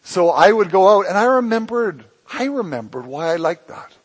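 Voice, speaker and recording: Male pastor, slightly higher voice with a husky edge, preaching with passion that rises loud and drops to a hush. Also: very animated, moderate pace, low-quality recording. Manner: impassioned preaching that swings between loud emphasis and hushed lines. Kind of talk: sermon.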